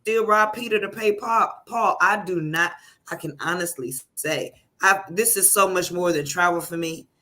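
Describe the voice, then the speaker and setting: Woman, bright voice, effusive testimonial guest, emotional. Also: on the low side, moderate pace, hardly any pauses. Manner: fervent, effusive, praising God. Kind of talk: emotional testimonial on a live call.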